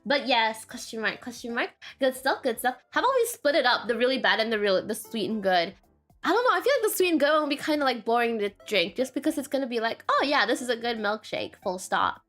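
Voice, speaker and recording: A woman's voice: a little high, lively intonation, fast talker, faint music behind. A woman streamer chatting casually and rambling, often saying "question mark" and laughing.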